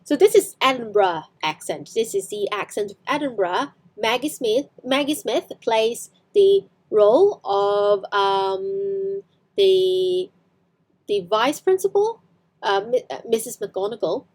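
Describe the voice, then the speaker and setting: A woman's voice: medium pitch, expressive, takes it slowly, a little mellow. A woman with a Hong Kong accent teaching English online, explaining film scenes with frequent fillers and self-corrections.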